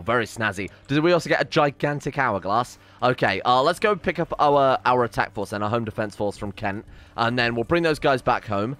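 Fast-talking man playing a game. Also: medium pitch, fairly bright tone. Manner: rambling, self-interrupting, swears casually. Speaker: let's-play streamer. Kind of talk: casual gameplay commentary.

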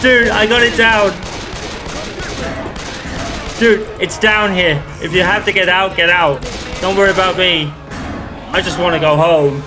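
Exasperated high-voiced gamer. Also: male voice, steady tone, moderate pace, over music. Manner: exasperated, swearing a lot. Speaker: gaming channel host. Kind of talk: live gameplay commentary.

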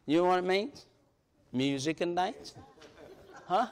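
A man preaching a sermon in a church, emphatic and colloquial, rising to shouts. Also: high voice, lively intonation, a little slow. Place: church sanctuary.

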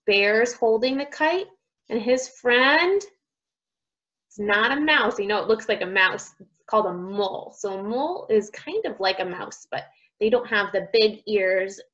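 A young woman, a speech therapist, reading a picture book to children, slowly modeling sounds and praising each try. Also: medium pitch, animated, fairly bright tone, highs cut off. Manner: slow, drawn-out modeling of sounds, encouraging praise.

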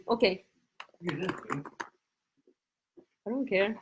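A woman from Korea with a Korean accent, a Korean teacher giving a casual, excitable and spontaneous live-stream lesson. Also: high-pitched, normal speed, long pauses, slight background noise. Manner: excitable, laughing, chatty and spontaneous.

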